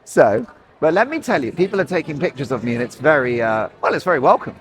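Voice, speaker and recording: A man's voice: mid-range voice, very animated, fast talker. A man in his forties, a talk show host rambling in chatty, sarcastic commentary, recorded outdoors. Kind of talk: opinionated commentary.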